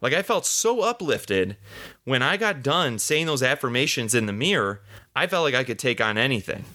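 A man's voice: mid-range voice, big pitch swings, moderate pace, pushed and bright. A man in his mid-thirties hosting a podcast, talking earnestly and casually through a self-help topic, often repeating himself. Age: 30s. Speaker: podcast host.

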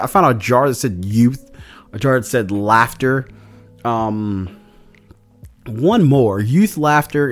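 A man casually recapping his tabletop game session as a podcast host, rambling with lots of fillers. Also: medium pitch. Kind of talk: casual chat.

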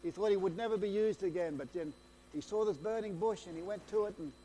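Male preacher, sermon, high-pitched, warm mellow tone, excitable, restarts phrases, faint background hum. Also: fast talker. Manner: storytelling, retelling scripture conversationally.

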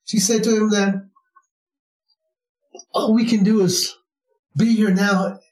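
Rambling man, high voice, roomy. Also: little pitch movement, takes it slowly, recorded from a distance. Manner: rambling, frequent restarts and fillers. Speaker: spiritual teacher. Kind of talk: casual storytelling talk. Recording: roomy sound, from off mic.

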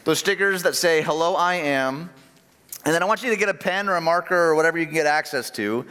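A man preaching a sermon, animated, dropping low and soft on key phrases. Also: rapid-fire, clear, resonant tone. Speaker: pastor. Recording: long reverb of a large hall.

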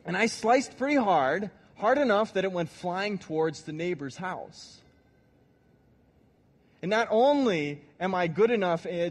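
Male pastor, animated storyteller, lively pitch, long hall reverb. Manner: animated storytelling, addresses audience directly. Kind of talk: sermon.

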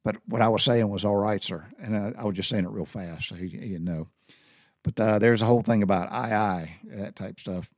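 A man's voice: fairly low pitch, a little fast, darkish tone, dry recording, clean studio sound. A man with a Southern US accent, a Navy veteran rambling casually through sailor slang with many restarts. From Southern United States. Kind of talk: casual spoken monologue.

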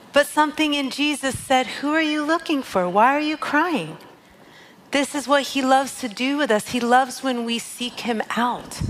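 A woman with a fairly high voice gives a devotional teaching. She speaks in a heartfelt, conversational way and reads scripture passages aloud between her own reflections. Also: fairly bright tone, slight background noise, poor audio. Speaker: worship leader sharing a devotional.

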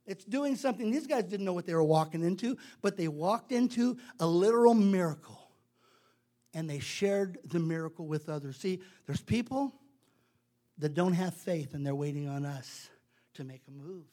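A man's voice: high voice, lively intonation, moderate pace, mellow. A male preacher delivering a sermon in a conversational, emphatic way, repeating words for stress.

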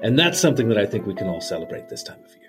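A man's voice: lowish voice, very animated, racing, loud music behind the voice. A man playing a jolly, sentimental old Santa Claus as an interview guest, folksy and chuckling. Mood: heartfelt. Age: older.

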